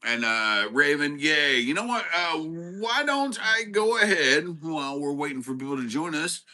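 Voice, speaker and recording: A man hosting a casual live stream with his dog, chatting with viewers by name and breaking into excited shouts. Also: a little high, rough recording. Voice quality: halting, many fillers and restarts. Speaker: livestream host with his dog.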